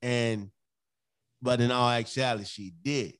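Slow, emphatic man in casual podcast chat. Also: mid-range voice, steady tone, clean tone, no echo. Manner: emphatic, repeats phrases, acts out his kids' voices. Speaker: podcast co-host.

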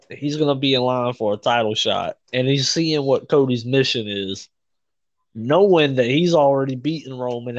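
An excitable man who laughs often and swears freely. His voice sits at an ordinary middle pitch. The recording is dry with no room sound and a dull, lo-fi tone. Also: no echo. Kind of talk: casual wrestling chat.

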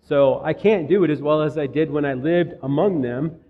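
A man's voice: on the high side, moderate pace, long reverb tail, phone-quality sound, a little hiss or hum. A man from Minnesota preaching a sermon, telling stories in a conversational way. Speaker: pastor.

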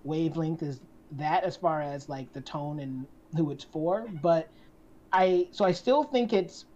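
A woman's voice: low voice, measured pace, dark tone, a little hiss or hum. A woman co-hosting a podcast, talking through her thoughts on a movie with frequent restarts. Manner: thoughtful, restarts sentences, hedging. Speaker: podcast co-host. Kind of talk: casual chat. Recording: slightly dull lo-fi sound.

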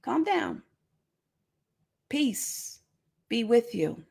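A woman voicing a calm, gentle risen Jesus who speaks softly and slowly. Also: fairly high pitch, husky, pitched below the performer's own voice. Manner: soft, slow, soothing.

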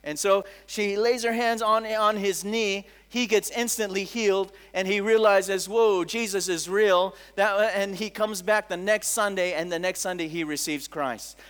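A middle-aged man preaching a sermon as a pastor, telling stories in an animated way, often saying "come on" and acting out the voices of people he quotes. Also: sits high, normal speed, few pauses, clean tone. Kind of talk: sermon with storytelling.

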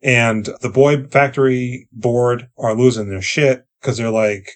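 A man's voice: medium pitch, steady tone, unhurried. A man co-hosting a podcast, recapping a movie in casual profane chat and acting out the characters' lines. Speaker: podcast co-host.

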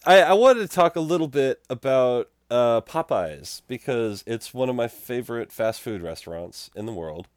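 A man co-hosting a podcast, telling an animated story in casual chat and laughing as he goes. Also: medium pitch, moderate pace, hardly any pauses, no echo, studio quality. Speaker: podcast co-host.

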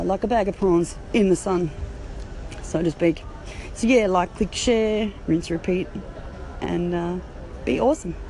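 A woman's voice: on the low side, warm tone, a little hiss or hum, rough recording. An Australian woman hosting a podcast, talking casually with a chatty, laughing manner, recorded on a phone while riding a train. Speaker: podcast host. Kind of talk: casual voice-note chat.

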